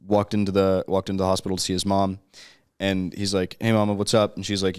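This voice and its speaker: A male podcast host tells a story casually to his guest. His voice is low and smooth. It sounds close and dry, with no room around it. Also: monotone, no room sound. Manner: casual storytelling, quick retelling. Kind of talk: podcast interview.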